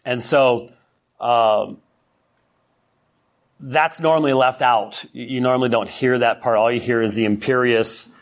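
A man's voice: mid-range voice, steady tone, measured pace, long pauses. A middle-aged man teaching a church history Sunday school class in a conversational way, with many fillers and restarts.

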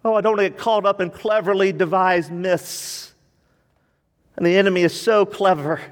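A man's voice: high voice, fairly even intonation, moderate pace, big-room sound. A man preaching a sermon to his church, moving from teaching into impassioned, pleading prayer. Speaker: pastor.

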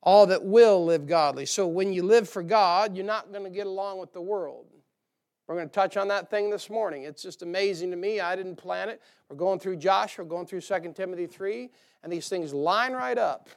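A man's voice: high voice, moderate pace, vocal fry. A man preaching a sermon to a church, folksy and joking, rising to emphatic bursts. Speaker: pastor. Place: church sanctuary.

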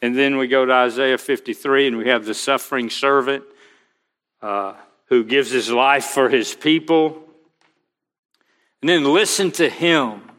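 A male pastor preaching a sermon, slow and emphatic, quoting scripture aloud. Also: medium pitch, fairly bright tone, in a large hall.

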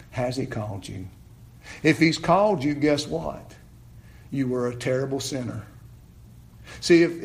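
A man preaching a sermon, building to near-shouts and then dropping low and quiet. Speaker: pastor.

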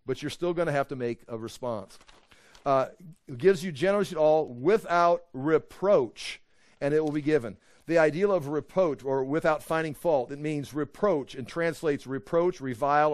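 An older man in his sixties preaching a Bible lesson, animated and acting out voices as he teaches. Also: on the high side, dry recording. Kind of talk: sermon.

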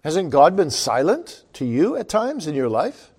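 Male preacher, high voice, dramatic sermon delivery with big dynamic swings. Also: huge pitch swings, measured pace, husky. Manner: dramatic, wide swings in loudness and pitch.

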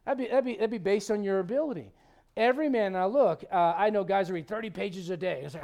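A man with a high, light voice preaches in an animated, chatty way. He jumps between scripture and everyday asides, often restarting his sentences as he goes. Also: fast talker. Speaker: pastor. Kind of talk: sermon.

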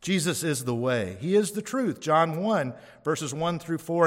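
A man's voice: fairly high pitch, expressive, measured pace, hardly any pauses, a bit bright. Emphatic male preacher in a reverberant hall. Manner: emphatic preaching, rising on key phrases, asks the congregation for responses. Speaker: pastor. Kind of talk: sermon.

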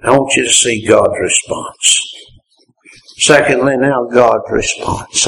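An older man preaching a sermon, an impassioned delivery that climbs to shouts and then drops low. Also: slow, low-quality recording.

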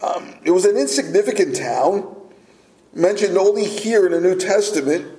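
A man preaching a sermon as pastor, speaking deliberately and pausing for emphasis. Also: sits high, lively intonation, mellow. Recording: echoey room.

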